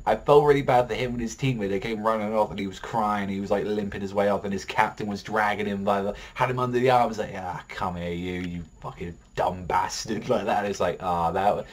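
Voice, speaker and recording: Husky-voiced man rambling an anime review. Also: fairly low pitch, fast, few pauses. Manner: rambling, excitable, heavy swearing and filler "like". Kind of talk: casual episode review.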